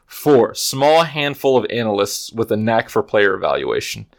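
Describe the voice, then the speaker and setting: A man's voice: lowish voice, sing-song, moderate pace, vocal fry. A young man hosting a casual sports podcast, rambling with restarts and sarcastic asides. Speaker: podcast host. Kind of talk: casual chat.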